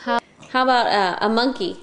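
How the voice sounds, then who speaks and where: A woman's voice: fairly high pitch, normal speed, fairly bright tone, roomy sound, slight background noise. A woman at home asking her toddler playful, coaxing questions in a casual home video. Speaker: parent.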